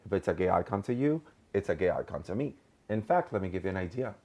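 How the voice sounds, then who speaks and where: Man, podcast host, excitable and gushing, lively swings, husky edge. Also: sits low, quick pace. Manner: excitable, gushing, laughs often. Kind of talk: casual chat.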